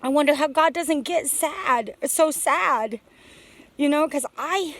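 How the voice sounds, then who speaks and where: A woman's voice: high-pitched, slow pace, a bit bright. A woman talking through her feelings on her homestead in a rambling, heartfelt vlog, full of fillers and restarts, emotional and near tears. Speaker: homesteader vlogger. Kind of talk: emotional personal vlog monologue. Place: outdoors on a homestead.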